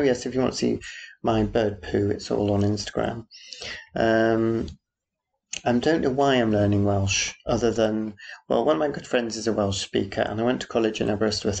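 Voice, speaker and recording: A middle-aged man chats on his solo podcast, wandering from one thing to the next with self-deprecating asides. His voice sits low. It has a gravelly, creaky edge. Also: darkish tone. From Yorkshire, England. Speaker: podcast host. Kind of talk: casual solo podcast chat.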